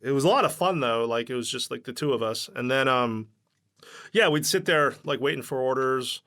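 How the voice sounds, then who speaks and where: A man's voice: mid-range voice, fairly quick, fairly bright tone. A man, a company founder guest on a podcast, telling loose, rambling stories full of fillers and acted-out quotes. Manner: rambling, lots of fillers, acts out quoted dialogue. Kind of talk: casual interview storytelling.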